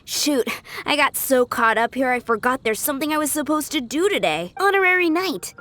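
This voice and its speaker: An eager young game adventurer. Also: female voice, sits high, animated, a little fast, bright, forceful tone.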